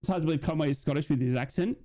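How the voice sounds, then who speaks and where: An Australian man streaming a football watch-along, chatting with viewers in a rambling, excitable way and often asking "you know what I mean?". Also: a little high, racing. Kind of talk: live commentary chat with viewers.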